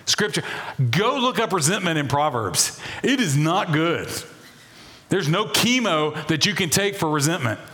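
Man, middle-aged pastor, sermon, folksy, animated, joking asides, slightly high voice. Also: a little slow.

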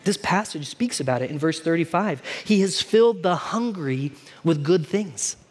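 A man's voice: on the high side, expressive, normal speed, slightly rough. A man preaching a sermon to his congregation in a casual, conversational way, often asking them questions. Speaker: pastor. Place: church hall.

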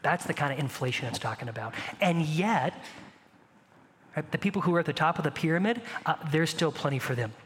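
A man preaching a sermon as pastor, conversational and animated, asking the congregation rhetorical questions. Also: on the high side, brisk, in a large hall, a little hiss or hum.

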